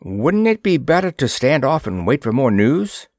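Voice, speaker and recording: A man's voice: mid-range voice, sing-song, normal speed, no room sound, clean studio sound, voice pushed up, lightly acted. A man voicing a placid, loyal male officer who speaks earnestly and cautiously. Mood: worried.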